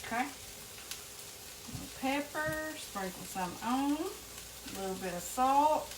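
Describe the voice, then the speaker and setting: In her home kitchen, a woman hosts a casual cooking demonstration, chatting to viewers as "y'all" in a high, animated voice at a slow pace. The kitchen is echoey, the mic sits at a distance, and food sizzles and fries on the stove amid background noise.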